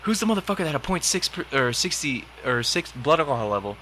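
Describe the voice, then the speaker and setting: A man imitating a gruff male military company commander who barks profane orders. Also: fairly high pitch, very animated, fast talker, sharp tone, a little hiss or hum, voice pushed up. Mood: barking. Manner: barking, profane.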